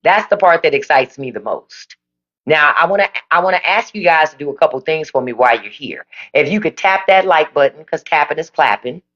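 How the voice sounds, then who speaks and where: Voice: mid-range voice, a little fast, muffled recording. Blunt, profane livestream host. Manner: blunt, profane political opinions; animated, emphatic. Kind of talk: casual live chat reading viewer comments. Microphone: phone livestream.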